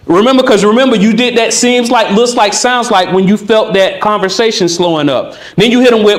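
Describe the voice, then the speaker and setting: A man teaching conversation skills at a live workshop, animated and acting out both sides of a chat. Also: sits high, a little fast, hardly any pauses. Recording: echoey room.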